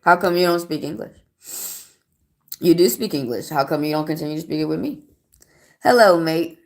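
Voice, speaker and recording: A woman's voice: low-pitched, fairly quick, vocal fry. A woman giving a casual live-stream tarot reading, answering viewer comments aloud in a loose, rambling way. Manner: loose and rambling, with fillers and restarts. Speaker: tarot reader. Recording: music playing behind the voice.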